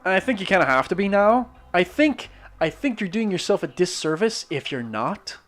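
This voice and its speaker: A high-pitched, sing-song male voice at normal speed, a bit bright, with faint music behind. The speaker, a Northern Irishman with a muted accent, chats casually while drawing on stream, ranting skeptically, cursing plenty, and rambling with repeated restarts.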